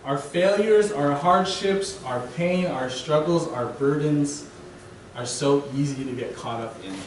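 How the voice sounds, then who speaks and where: A man's voice: fairly high pitch, measured pace. A young man giving a casual, conversational sermon as a guest preacher, checking in with listeners by asking "right?". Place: church sanctuary. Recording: echoey hall, distant mic, faint hiss.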